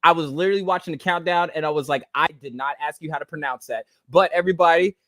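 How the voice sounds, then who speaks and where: A man hosting a casual podcast, telling a funny story with lots of energy and then introducing his guest in a relaxed voice. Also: fast talker, no room sound, studio quality. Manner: animated, joking, shifts from high excited storytelling to low relaxed host voice. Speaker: podcast host.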